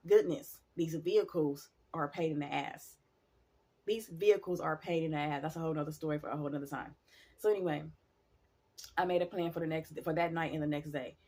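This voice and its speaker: Husky-voiced woman telling a spooky story. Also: deep voice. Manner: animated, talks to viewers, swears freely. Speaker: storyteller vlogger.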